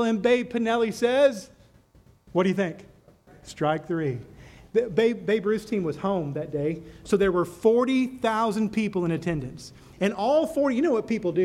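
A high-pitched man preaching to a church congregation. He keeps putting rhetorical questions to the room and answers them himself, and he tells a story to drive his point home. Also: a little mellow. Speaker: pastor. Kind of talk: sermon.

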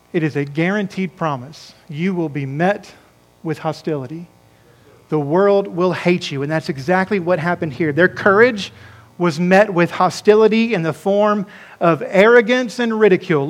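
A man preaching a sermon, repeating words as he builds each point and dropping to a hushed voice for quoted speakers. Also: high-pitched. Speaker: pastor.

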